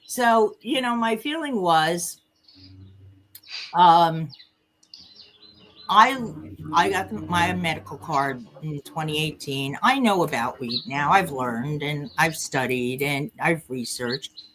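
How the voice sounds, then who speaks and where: A woman chats as a podcast guest. She talks in an unhurried, blunt and frank way, full of plain-spoken asides. A faint noise floor sits under her voice. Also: low-pitched. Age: 60s. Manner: blunt, candid, lively storyteller. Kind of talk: casual podcast conversation.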